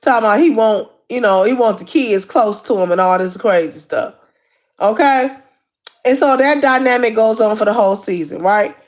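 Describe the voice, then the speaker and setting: A woman hosting a casual livestream, retelling a story in an animated, repetitive way with lots of asides to her viewers. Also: on the high side, moderate pace. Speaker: livestream host. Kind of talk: casual recap of a reality show.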